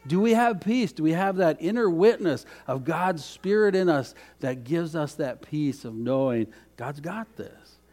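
Earnest preacher man, slightly high voice. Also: expressive, a little slow, few pauses. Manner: earnest, repeats phrases, swings from loud to hushed. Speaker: pastor. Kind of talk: sermon.

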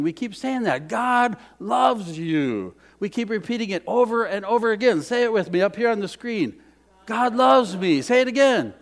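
A man preaching a sermon, moving between hushed, quiet lines and loud, emphatic ones, often repeating phrases for emphasis. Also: high voice. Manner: dynamic, swings from hushed to emphatic. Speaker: pastor.

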